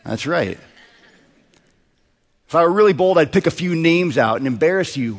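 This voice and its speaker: A man's voice: a little high, very animated, moderate pace, pauses often. A man in his thirties preaching a sermon in a conversational way, often asking the congregation rhetorical questions. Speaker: pastor. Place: church sanctuary. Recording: long hall reverb.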